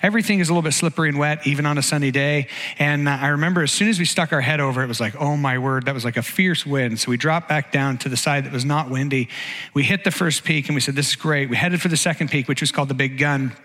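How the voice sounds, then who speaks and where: A middle-aged man, giving a sermon as a conversational, animated story, often restarting his sentences. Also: a little high, fast. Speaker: pastor giving a message. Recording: long hall reverb.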